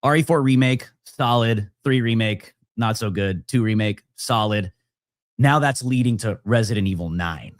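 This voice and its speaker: Excitable man rambling on a podcast. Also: fairly low pitch, normal speed, no room sound, clean studio sound. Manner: excited, rambling, many restarts. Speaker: guest. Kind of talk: casual podcast chat.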